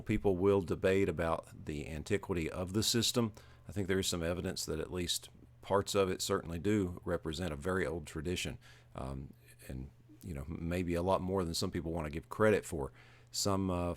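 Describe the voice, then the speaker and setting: A man teaching a livestream lecture, explaining step by step in a measured way with frequent filler pauses. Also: deep voice.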